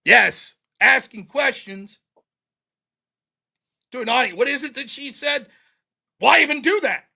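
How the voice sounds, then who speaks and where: A man's voice: extremely high pitch, animated, a little slow, creaky, bright, forceful tone, slightly rough. A man hosting a live call-in stream, arguing with a caller in a sarcastic, mocking way. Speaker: host of a live call-in show.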